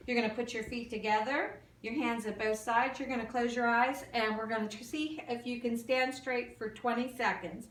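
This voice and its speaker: A woman in a fairly high voice gives steady, step-by-step instructions during a clinical exam. She is heard from across an echoing room, with faint room noise behind her. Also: normal speed, hardly any pauses. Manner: calm step-by-step instructions with fillers. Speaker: nursing student doing an exam demo. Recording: echoey room from far off.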